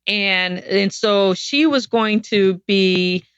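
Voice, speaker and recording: A woman's voice: medium pitch, takes it slowly, a bit bright, clean tone, no room sound. Podcast guest: woman, mid-range voice, earnest reflective storyteller, slightly muffled and dry. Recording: dull, dry sound.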